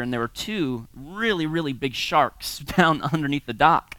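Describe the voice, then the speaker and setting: A bright, crisp male voice, fairly high for a man, captured in a dry, close setting with no room echo. He preaches in a lively storytelling way, chuckling and acting out the people in his anecdotes. He sounds like an American man in his thirties or forties. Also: moderate pace. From United States. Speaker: pastor teaching a series. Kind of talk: sermon-style talk with personal stories.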